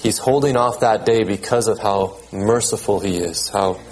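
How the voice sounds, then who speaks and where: A man preaching a sermon in a conversational way, often repeating words and checking in with the congregation, and reading scripture aloud at a measured pace. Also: on the low side, a little mellow, poor audio. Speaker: pastor.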